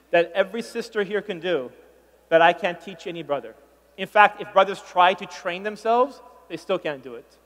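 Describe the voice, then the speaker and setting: A man performing stand-up comedy before a conference audience, playful and teasing as he acts out the crowd's reactions. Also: high voice. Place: large conference hall with a live audience. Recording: long reverb of a big hall.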